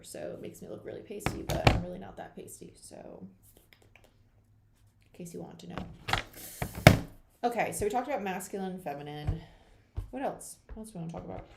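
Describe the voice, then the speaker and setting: A woman's voice: on the low side, gravelly, reverberant, noisy background. A young woman chatting casually on a livestream, rambling with lots of fillers as she talks to viewers. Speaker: tarot reader hosting a live chat. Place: home room at her computer.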